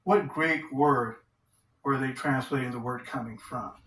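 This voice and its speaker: Guy going thru bible verses like a sermon, bright forceful voice, kinda far from the mic, room echo. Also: mid-range voice, slight background noise. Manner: reads verses aloud slowly, asks rhetorical questions. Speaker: Bible teacher. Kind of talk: scripture study sermon. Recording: roomy echo, distant from the mic.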